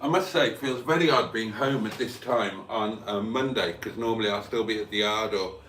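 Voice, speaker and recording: A man's voice: on the low side, fairly quick, a bit bright, recorded from a distance, slight background noise. A man chatting casually on a live vlog from home, hungover and lisping, in a self-mocking way. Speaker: vlogger. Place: room at home. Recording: roomy, off-mic.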